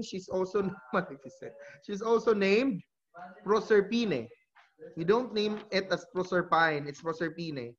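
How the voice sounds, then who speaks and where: A male teacher gives an online lecture. His voice sits high. The audio is muffled, as over a video call, and he fixes his own slips as he explains. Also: a bit bright. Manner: explanatory, with self-corrections. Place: home during a video call. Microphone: computer mic on a video call.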